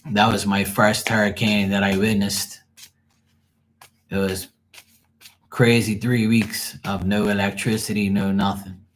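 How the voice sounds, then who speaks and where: A young man, telling a casual, profane and animated story on his livestream. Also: on the low side. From Bermuda. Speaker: livestream host.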